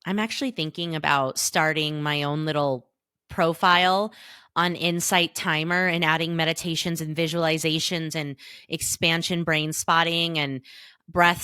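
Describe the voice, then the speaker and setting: Speaking at a moderate pace in a smooth, lowish voice with fairly even intonation, a woman in her thirties addresses her podcast listeners directly. She's a therapist hosting solo, warm, earnest, and emphatic as she gives casual advice, in clean studio sound without echo.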